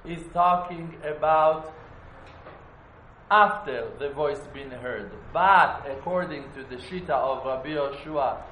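Talmud teacher, man, fairly high voice, animated with chanted bits, echoey room. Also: slow, slight background noise. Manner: animated, slipping into a chanting study singsong. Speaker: Torah teacher. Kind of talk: Talmud class. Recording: roomy echo, faint ambience.

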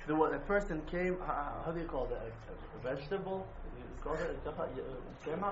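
Man, emphatic religious teacher; high-pitched, faint background noise on a muffled recording. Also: expressive, a little fast. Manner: emphatic, swings from loud exclamations to quiet intensity. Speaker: Breslov Hasidic teacher. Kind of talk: impassioned religious talk.

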